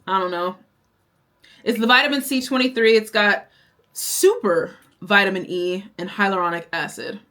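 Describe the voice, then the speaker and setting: A young woman vlogs a storytime while she does her makeup, candid and quick to swear. She tells the story in an animated way. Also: mid-range voice. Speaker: vlogger.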